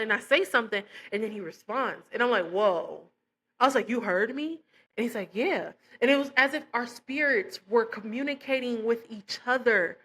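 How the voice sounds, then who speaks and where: Young woman telling her story, fairly high voice, lots of "like", acts out what people said. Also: normal speed. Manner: animated storytelling with many fillers, acting out quoted dialogue. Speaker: testimony speaker. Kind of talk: casual spoken testimony.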